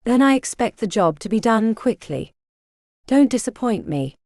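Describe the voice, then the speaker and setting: A woman's voice: a little high, very animated, moderate pace, darkish tone, dry recording. Woman doing a stern proud captain guy in an audiobook, curt and bossy, dry close sound. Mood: commanding. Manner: curt, authoritative. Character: commanding male ship captain, proud and stern.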